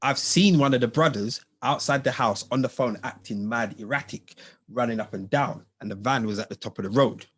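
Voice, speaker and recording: A man, telling a story in casual chat, animated and slangy, acting out what people said. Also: medium pitch, brisk, few pauses, slightly rough. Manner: animated, slangy, acts out quotes in lively voices. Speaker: podcast host.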